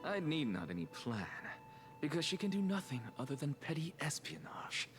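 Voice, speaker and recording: A man's voice: on the high side, sing-song, normal speed, faint music behind. An actor playing a stern, aloof male teacher figure in a game, cold and lecturing. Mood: stern, cool. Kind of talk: video game voice acting.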